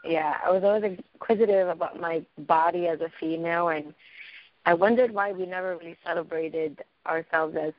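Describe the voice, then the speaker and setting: A woman's voice: fairly low pitch, steady tone, normal speed, dry recording. A woman doula answering interview questions in an earnest, reflective way. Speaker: guest, doula. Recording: dull, dry lo-fi sound.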